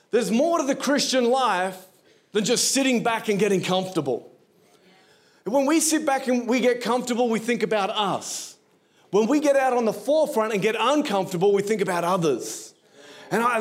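A man preaching to a congregation in a lively storytelling way, acting out the people in his story. His voice sits notably high for a man. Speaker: guest preacher. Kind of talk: storytelling sermon.

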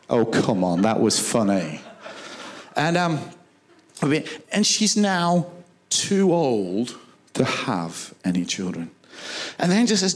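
Animated man preaching a sermon. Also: medium pitch, measured pace. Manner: animated storytelling, acting out dialogue.

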